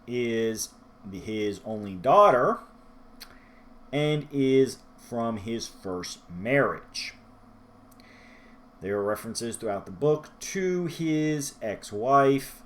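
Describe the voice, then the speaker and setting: A man talking through a book review in a rambling, self-deprecating vlog style. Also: on the low side. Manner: rambling, self-deprecating, loses his place in his notes.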